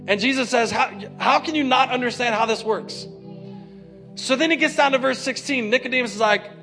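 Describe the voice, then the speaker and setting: A man preaching a sermon as pastor, retelling scripture in a lively, conversational way with slang. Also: very high-pitched, fairly quick, faint music behind.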